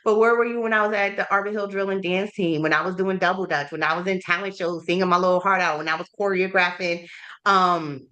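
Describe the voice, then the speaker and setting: Reflective woman with a low voice. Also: fairly even intonation, quick pace, sharp tone. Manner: candid, reflective, emotional storytelling. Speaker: podcast host. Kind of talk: personal conversation.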